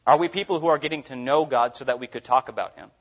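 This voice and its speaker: A man's voice: mid-range voice, fast talker. A man from Minnesota preaching a sermon as pastor, earnest and full of rhetorical questions. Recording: dull lo-fi recording.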